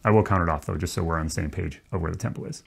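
Male trombone teacher, lowish voice, relaxed, explains step by step. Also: rapid-fire, creaky, husky. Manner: relaxed, demonstrative, counts off and sings rhythm syllables. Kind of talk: music lesson.

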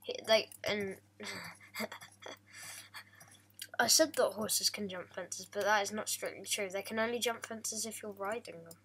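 A young woman talks through her game in a loose, joking way, teasing her viewers and the animals on screen. Her voice is bright and clear at a middle pitch, and mouse clicks sound under her talk. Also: fairly even intonation, measured pace, long pauses. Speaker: gaming vlogger. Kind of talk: casual game commentary.

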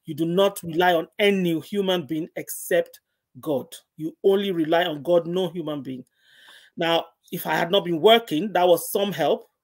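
A woman's voice: fairly low pitch, normal speed. Middle-aged woman sharing her faith story, earnest, says things twice for weight. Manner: earnest, repeats phrases for emphasis. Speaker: guest. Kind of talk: personal faith testimony.

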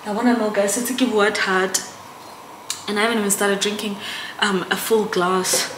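A woman's voice: mid-range voice, steady tone, moderate pace, fairly bright tone. Emotional South African woman vlogger. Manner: chatty and emotional, often addressing viewers as guys. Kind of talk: casual vlog chat to camera. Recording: echoey room with background noise.

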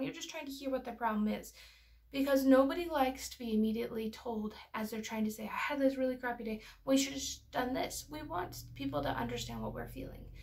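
Chatty mother teaching parents, fry-heavy, slightly high. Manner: chatty, storytelling, lots of filler words. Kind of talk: casual educational talk.

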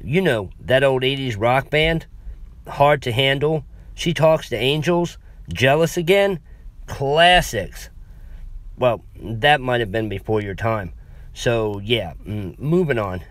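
A man's voice: mid-range voice, takes it slowly, fairly bright tone, no room sound. A man narrating a first-person story in a wry, conversational way with asides to the listener.

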